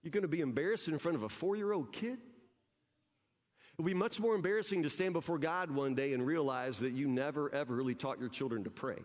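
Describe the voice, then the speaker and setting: A man's voice: a little high, brisk. A man preaching a sermon as pastor in a church, emphatic and conversational, often repeating words as he presses a point. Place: church sanctuary. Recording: long hall reverb.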